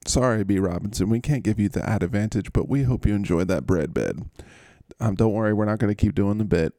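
A man's voice: deep voice, gravelly, mellow, no room sound, studio quality. A man hosting a podcast in casual, rambling chat, full of jokes, puns and running bits. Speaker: podcast host.

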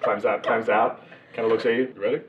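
A man's voice: on the low side, level tone, a little fast, slight background noise. A man narrating as game master of a tabletop game, in a loose, rambling way full of fillers. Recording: distant, echoey, muffled mic.

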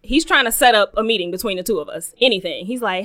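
A young woman co-hosting a casual podcast, telling a story with animated retellings of what people said. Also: medium pitch, fast talker. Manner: animated storyteller, acts out quoted dialogue. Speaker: podcast co-host.

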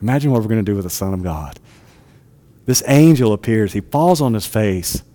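A man's voice: lowish voice, animated, brisk, dark tone, long reverb tail. A man preaching a sermon in a conversational way, often asking his listeners rhetorical questions.

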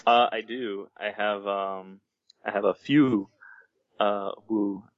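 A low-voiced man co-hosting a casual movie podcast, jokey and emphatic. The sound is dry and close, with a dull lo-fi quality. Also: steady tone, slow pace, no echo. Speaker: podcast co-host.

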